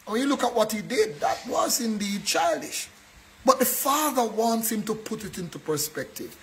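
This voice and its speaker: High-voiced pastor preaching. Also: male voice, big pitch swings, normal speed, fairly bright tone, slight background noise, low-quality recording. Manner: earnest preaching, keeps checking in with a tag question. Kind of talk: sermon. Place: church.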